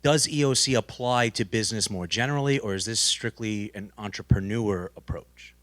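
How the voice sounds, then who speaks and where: A man's voice: lowish voice, moderate pace, fairly bright tone, no room sound. A man in the audience, a professor, asking a hesitant question after a talk. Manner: hesitant, with fillers.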